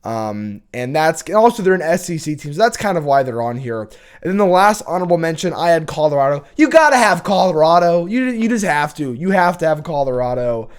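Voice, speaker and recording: A man's voice: fairly high pitch, big pitch swings, fairly quick, smooth. A young man hosting a college football show, talking in a casual, opinionated, rambling rant with many restarts.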